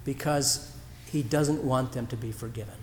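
A man preaching a sermon as a pastor, telling a story in a reflective way with pauses and restarts. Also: medium pitch, a little hiss or hum. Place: church sanctuary. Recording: roomy church hall echo.

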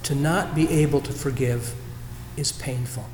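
Guy preaching, kinda reflective, lots of pauses, big roomy church echo. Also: medium pitch, steady tone, a little mellow, a little hiss or hum. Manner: reflective, storytelling with pauses and restarts. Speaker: pastor. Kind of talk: sermon. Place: church sanctuary.

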